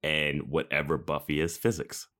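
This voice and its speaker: A man's voice: a bass voice, little pitch movement, normal speed, a bit bright. A man co-hosting a podcast, dropping wry, joking asides in casual chat. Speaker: podcast co-host.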